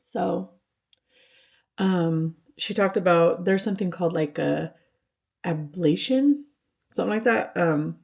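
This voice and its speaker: A woman in her thirties speaking to camera in a personal vlog, halting and hesitant, with many fillers and restarts. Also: on the low side, vocal fry, darkish tone, husky. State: tearful, voice breaking at times. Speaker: vlogger.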